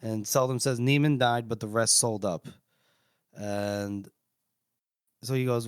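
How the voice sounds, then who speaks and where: A man's voice: mid-range voice, fairly even intonation, slow pace, pauses often, clean tone, no room sound, clean studio sound. A man casually retelling a story on a podcast in a loose, rambling way, with crude swearing. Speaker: podcast co-host recapping chapters.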